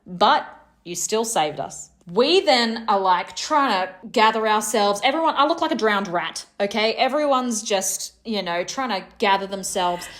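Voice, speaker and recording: A woman co-hosting a chat, telling a wild story with laughs and acted-out shouts. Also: medium pitch, moderate pace, few pauses. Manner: lively, laughing, acts out her own shouts. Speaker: podcast co-host telling a story.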